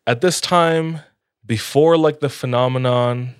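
A man's voice: medium pitch, measured pace, clean tone, no echo, studio quality. A young man casually telling a spooky story on a podcast, laid-back with lots of filler words.

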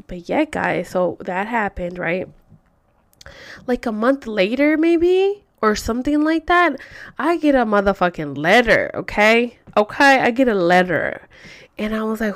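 Profane, animated young woman telling a story. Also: medium pitch, normal speed, dry recording. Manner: profane, animated, acts out quotes. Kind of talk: casual storytime to camera.

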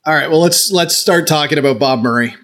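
A man's voice: a little high, a bit bright. Upbeat man hosting a sports podcast. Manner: upbeat, jokey, quick. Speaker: podcast host.

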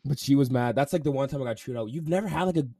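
A young man co-hosting a casual podcast, rambling through stories in a loose, slangy way. His voice sits at an ordinary middle pitch. The sound is close and dry, with no room echo. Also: very fast, creaky, mellow. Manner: loose storytelling, heavy on "bro" and "like". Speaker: podcast co-host. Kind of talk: casual chat.

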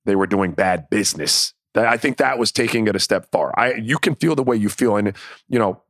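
Lower-voiced man giving earnest opinions. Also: expressive, a little fast, a bit bright, no room sound, clean studio sound. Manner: stammering restarts, earnest, opinionated. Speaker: podcast co-host. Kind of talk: casual sports chat.

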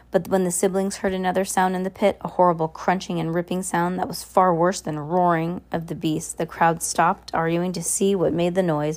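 A woman's voice: lowish voice, darkish tone. A woman reading a novel aloud, now and then stumbling and correcting herself.

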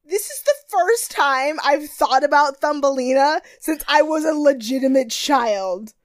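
A woman's voice: high-pitched, lively intonation, unhurried. A woman co-hosting a podcast, chatting casually about a TV show, laughing often and breaking into mocking impressions. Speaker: podcast co-host. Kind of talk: casual chat recapping a TV show.

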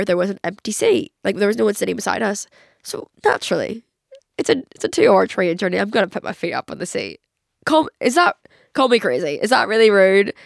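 A 21-year-old woman with a cold, chatting in a rambling solo podcast monologue full of "like", her voice croaky. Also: mid-range voice, no echo, clean studio sound. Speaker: podcast host. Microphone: podcast microphone.

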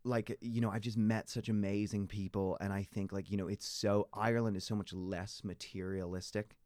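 A man chatting casually, telling animated stories with many fillers. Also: fairly low pitch, moderate pace, no room sound, studio quality. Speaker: guest. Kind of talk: casual conversation.

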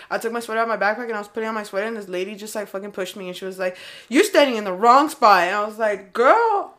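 A young woman from California with a Californian accent, chatting casually and rambling with lots of "like" as she tells stories. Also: mid-range voice. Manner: rambling, heavy use of "like", animated storytelling. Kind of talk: casual chat.

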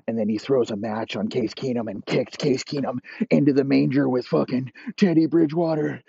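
Husky profane rambling storyteller. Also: male voice, medium pitch, fairly even intonation, a little fast, hardly any pauses, warm tone, no room sound. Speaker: comedy storyteller. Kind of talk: improvised comic storytelling. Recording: dull lo-fi recording.

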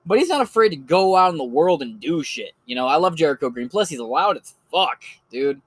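A man talks through his picks in a loose, off-the-cuff solo podcast. His voice sits a bit high for a man, and he rambles and swears freely. The recording is close and dry, with no room sound at all. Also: sing-song, brisk, husky, no room sound. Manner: rambling and profane, with many fillers. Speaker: podcast host recommending creators. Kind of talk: casual solo commentary.

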